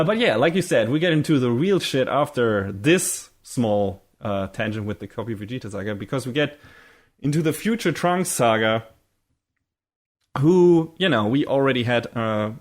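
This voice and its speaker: A young man co-hosting a podcast, chatting casually and rambling with many fillers and casual swearing. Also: mid-range voice. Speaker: podcast co-host. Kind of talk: casual chat.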